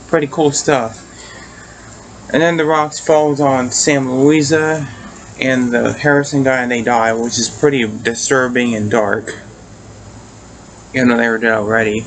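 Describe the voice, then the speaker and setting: A man talks through an episode review in a loose, rambling way, stopping and restarting his sentences as he goes. His pitch sits in an ordinary middle range, and he swears offhandedly. Faint ambient noise hums behind him. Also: measured pace, long pauses, low-quality recording. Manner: rambling retelling, many fillers and restarts, casual swearing. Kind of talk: casual video review.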